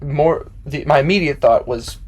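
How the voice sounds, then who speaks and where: A man co-hosting a chatty podcast, spinning anecdotes with lots of laughter. He talks close into the microphone in a relaxed, animated way. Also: a little high, moderate pace. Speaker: podcast co-host. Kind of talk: casual chat. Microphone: close podcast mic.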